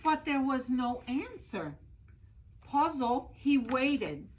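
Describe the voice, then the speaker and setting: Woman library storyteller, slow and expressive, talks to young listeners. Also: high-pitched, background noise. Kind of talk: reading a picture book aloud to children.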